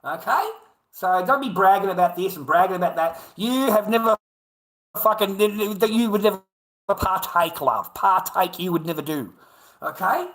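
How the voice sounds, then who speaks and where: An Australian man rambles through a crude livestream rant, swearing in nearly every sentence. His voice is noticeably high for a man and fairly bright in tone, and the room around him rings with echo.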